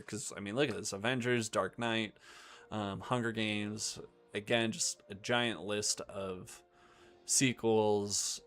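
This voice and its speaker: A man's voice: fairly low pitch, gravelly, a bit bright. A young man hosting a live stream, chatting casually about movies in a rambling way, with lots of ums and half-finished thoughts. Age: young adult.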